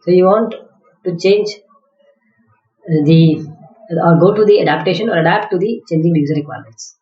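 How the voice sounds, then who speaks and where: A man lecturing from slides, halting often with fillers and restarts as he explains each point. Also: high-pitched. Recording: dull, echoey classroom recording.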